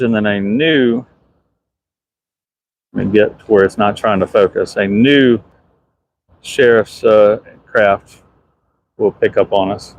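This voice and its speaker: Recorded in poor audio, a man with a mid-range voice and a Southern US accent live streams casually from a ship's deck. He's the ship's superintendent, and he answers viewer comments while filming.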